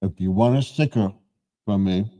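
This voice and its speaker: A man's voice: fairly low pitch, normal speed, warm tone. A man in his seventies hosting a live stream, chatting casually in a rambling way and often correcting himself.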